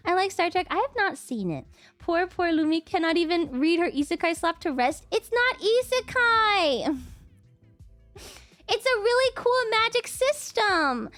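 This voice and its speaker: A woman streamer in casual live-stream chat, excitable and chatty, sometimes swearing at her chat over a desk mic. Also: extremely high pitch, a little slow, long pauses, no echo, faint music behind.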